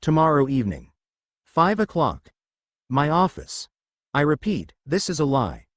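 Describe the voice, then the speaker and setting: A man's voice: a little high, wildly swooping pitch, measured pace, no echo, clean studio sound, full character voice. A man voicing a sugary, smug woman teacher in a read-aloud story, falsely friendly. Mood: sugary stern.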